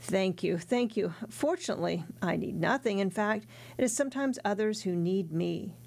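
A woman's voice: mid-range voice, expressive, normal speed, gravelly, darkish tone. A woman voicing a sly, fawning young male tailor in an audiobook reading. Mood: wheedling. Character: coarse sly male tailor neighbor, twenties.

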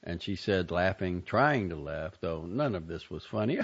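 Low-voiced man reading fiction expressively. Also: moderate pace, husky, highs cut off. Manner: expressive, dramatic delivery. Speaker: reader. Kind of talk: literary reading of fiction and poetry.

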